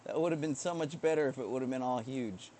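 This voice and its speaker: A man's voice: mid-range voice, fast, mellow, a little hiss or hum. A man in a rambling, profane, self-deprecating live-stream monologue, recorded indoors on a webcam setup.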